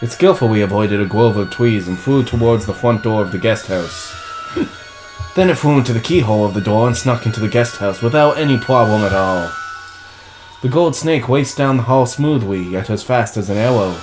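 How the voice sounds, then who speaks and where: A man's voice: on the low side, lively intonation, normal speed, music in the background, rough recording. Laughing casual man reading a game. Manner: laughs often, swears casually. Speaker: let's play host. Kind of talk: casual game read-along.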